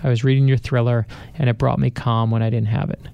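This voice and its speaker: The middle-aged author, a best-seller, animatedly recounts anecdotes in a radio studio, imitating the people he quotes. His mid-range voice is gravelly and warm, delivered flatly at a quick pace, and the recording is muffled with no room sound.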